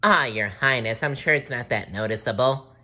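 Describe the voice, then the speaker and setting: A man voicing an eager, excitable young sea sponge in a storybook reading, squealing and cheerful. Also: medium pitch, normal speed, voice pushed up. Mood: reassuring.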